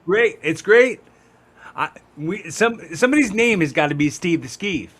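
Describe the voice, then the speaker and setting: A man with a slightly high voice chats on a podcast, halting and searching for the right word. He keeps it loose and conversational. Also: lively intonation, a bit bright. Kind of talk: casual chat.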